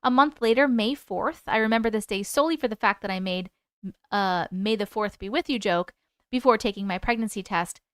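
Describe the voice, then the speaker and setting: A woman's voice: mid-range voice, brisk, smooth, no echo, clean studio sound. A woman hosting a live stream, reading viewer stories aloud and reacting with open emotion to the chat.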